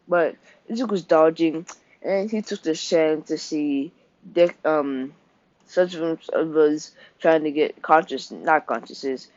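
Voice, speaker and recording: A man casually retelling an anime plot, halting and rambling with many ums and restarts. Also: fairly high pitch, dry recording. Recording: dull dry home recording.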